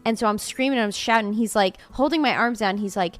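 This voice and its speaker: A woman's voice: medium pitch, expressive, fast talker, few pauses, a bit bright, soft background music. A young woman from Florida chatting casually on a live stream, playful, laughing often and swearing freely.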